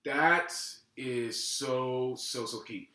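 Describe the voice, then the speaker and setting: A man hosting a relaxed podcast chat, easygoing and calling his guest bro. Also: mid-range voice, drawn-out words, reverberant, poor audio. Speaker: podcast host. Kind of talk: casual chat.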